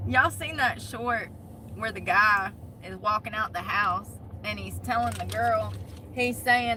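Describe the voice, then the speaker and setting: A woman livestreaming from her parked truck on her phone, talking in a chatty, animated way with lots of laughs and a slangy drawl. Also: fairly high pitch, takes it slowly, long pauses, a little hiss or hum, rough recording. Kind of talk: casual livestream chat.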